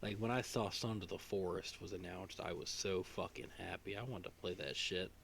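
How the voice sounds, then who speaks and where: A man's voice: low voice, normal speed, creaky, fairly bright tone, a little hiss or hum. A man co-hosting a casual podcast, rambling, swearing freely, with a voice strained from singing. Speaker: podcast co-host.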